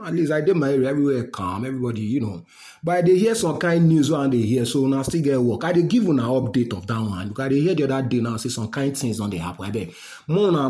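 Brief: middle-aged Nigerian man, lively swinging delivery, mocking casual rant, laughs through lines. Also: on the high side. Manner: mocking, animated, laughs while talking. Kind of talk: casual rant in pidgin and English.

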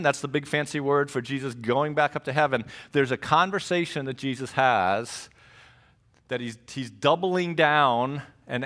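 Animated middle-aged male pastor preaching. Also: medium pitch. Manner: animated storytelling with jokes and asides. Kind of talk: sermon.

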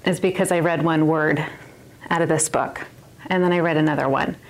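A woman's voice: low-pitched, steady tone, moderate pace. A woman in her thirties giving a personal testimony to a women's Bible study, earnest and emphatic, often laughing at herself.

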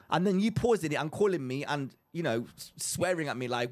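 A man's voice: fairly high pitch, fast, hardly any pauses. A young man co-hosting a podcast, telling a story in casual chat and acting out the voices of the people he quotes. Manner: animated storyteller who acts out quotes. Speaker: podcast co-host.

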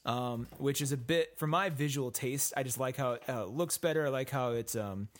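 A podcast co-host with a mid-range voice and normal pace chats casually. He rambles, leans heavily on fillers, and keeps restarting and correcting himself.

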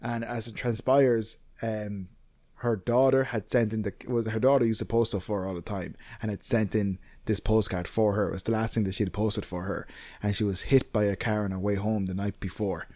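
A man's voice: lowish voice, steady tone, a little fast, dark tone, no room sound. A man with an Irish accent co-hosting a casual podcast, telling a long story in a rambling way, full of fillers and the odd swear word. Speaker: podcast co-host.

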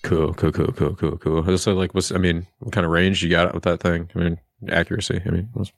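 Low voiced dude rambling, slangy, in a tabletop game, dry mic. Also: male voice, flat delivery, fairly quick, vocal fry, no echo. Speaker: player. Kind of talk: tabletop game role-play.

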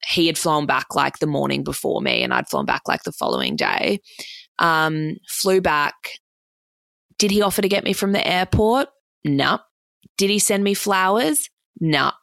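A woman in her twenties, Australian-accented, spins a long casual story in a low-pitched, gravelly, slightly bright voice that is very animated. She swears freely and piles on "like" in a fast, run-on telling, recorded with no echo.

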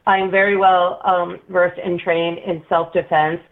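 A woman telling a story in casual chat, animated and often laughing, acting out the voices of the people in it. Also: on the low side, measured pace. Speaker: guest storyteller. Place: Massachusetts. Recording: tinny phone line.

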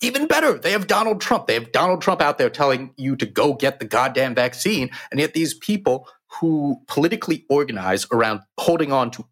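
A man's voice: mid-range voice, lively intonation, a little fast, few pauses, fairly bright tone. A man co-hosting a political podcast, talking casually in wry, emphatic, long run-on arguments. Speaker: podcast co-host.

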